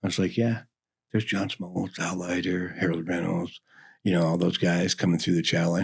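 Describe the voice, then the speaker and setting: A man's voice: sits low, little pitch movement, normal speed, creaky, slightly rough. A middle-aged man who owns a barbecue business, telling stories in a folksy, rambling way as a guest in a casual interview. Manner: storytelling, folksy, lots of "you know". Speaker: barbecue restaurant owner, guest.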